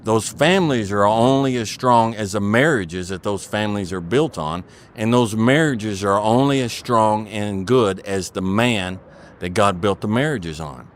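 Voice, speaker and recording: A man's voice: lowish voice, unhurried, a little hiss or hum. A middle-aged man speaking as an interview guest, talking in an earnest and preachy way, repeating his points and asking "okay?".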